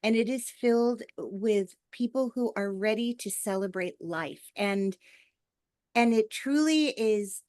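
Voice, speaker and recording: A woman's voice: medium pitch, slow pace, a little mellow, no echo. A woman hosting a podcast interview, effusive and enthusiastic, with many fillers. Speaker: podcast host.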